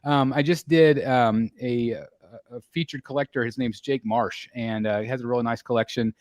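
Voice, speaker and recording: A man's voice: mid-range voice, steady tone, normal speed, no echo. A man hosting a live stream, chatting casually and rambling with lots of fillers. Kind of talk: casual chat.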